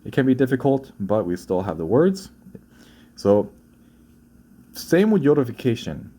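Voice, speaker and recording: A man's voice: mid-range voice, very animated, measured pace, dark tone. A man teaching a beginner Korean lesson in English, explaining sentence order in a loose, conversational way and often checking in with "right?".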